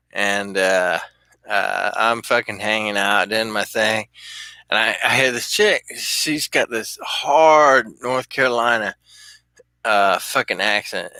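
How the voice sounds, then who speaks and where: Man, storyteller, bright dry voice, loose profane anecdote style with chuckles. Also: fairly low pitch, no room sound. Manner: rambling, profane, chuckling often. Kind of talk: casual anecdote telling.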